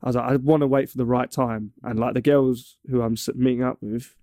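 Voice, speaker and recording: A man's voice: medium pitch, steady tone, fairly quick, dark tone, no room sound, clean studio sound. A young man from England in casual chat, telling a long story with many stumbles and restarts. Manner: rambling, stumbles and restarts often.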